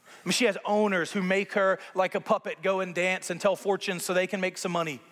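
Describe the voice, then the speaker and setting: A man preaching a sermon as pastor, conversational and animated, with playful asides to the congregation. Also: sits high, fairly quick, in a large hall.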